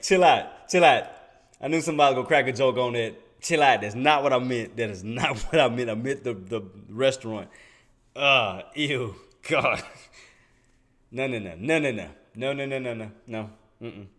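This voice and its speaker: A man hosting a live trading stream, talking straight to his viewers in loose slang. He laughs often and keeps it casual, in a middle-pitched voice. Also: normal speed, fairly bright tone.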